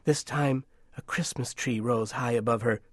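A man narrating a storybook in a measured, hushed, gentle way. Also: mid-range voice, fairly even intonation, dry recording, studio quality.

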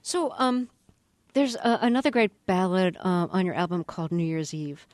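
Measured woman radio interviewer, dry sound. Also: lowish voice, lively intonation, darkish tone, dry recording. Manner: measured, composed questioning.

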